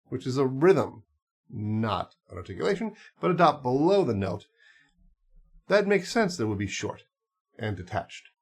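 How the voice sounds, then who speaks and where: Male music teacher, mid pitch, easygoing explainer with fillers. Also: slightly rough. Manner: relaxed, explains with asides and fillers. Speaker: clarinet teacher. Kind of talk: casual instructional talk.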